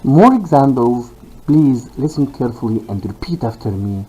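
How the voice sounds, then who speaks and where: A man teaching a pronunciation lesson, reading short sentences with exaggerated rises and falls of pitch for listeners to repeat. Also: animated, warm tone, slightly rough, poor audio. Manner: slow, exaggerated rises and falls to model intonation. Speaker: linguistics teacher.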